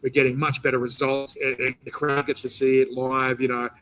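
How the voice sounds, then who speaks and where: A man with an Australian accent hosting a casual interview, talking in a rambling, animated way with many restarts. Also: mid-range voice, fairly quick, poor audio. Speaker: interview host and competition organizer. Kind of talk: casual interview chat, live stream.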